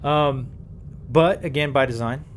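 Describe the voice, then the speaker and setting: A man at middle pitch speaks easily in a relaxed podcast conversation about film. He keeps pulling the others in with quick "right?" and "you know?" tags. A faint noise floor runs behind him. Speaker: podcast co-host. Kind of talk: casual chat.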